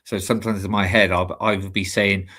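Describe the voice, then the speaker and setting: A man's voice: low-pitched, flat delivery, a little fast, bright, forceful tone, slightly rough. A man co-hosting a live stream in casual chat, rambling and chatty and often laughing.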